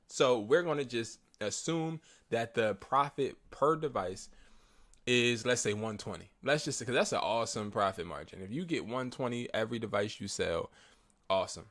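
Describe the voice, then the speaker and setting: A man who is sick, talking slowly and quietly while trying not to cough, coaching viewers on phone flipping in a casual talk to the camera. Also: mid-range voice. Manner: talks slowly and quietly, grows louder and heated.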